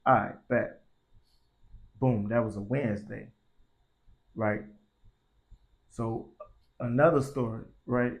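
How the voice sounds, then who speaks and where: A man's voice: mid-range voice, steady tone, slow pace, vocal fry, pauses often. A young man telling a story casually, in slangy and profane speech that grows heated. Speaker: vlogger.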